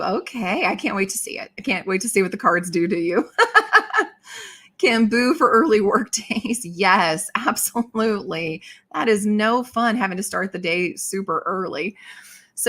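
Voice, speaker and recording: A bubbly woman in her thirties chats casually as a livestream host and reads out viewer comments. Her voice is bright and forward, and she laughs often. She sounds like she is at home on a desk mic. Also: mid-range voice.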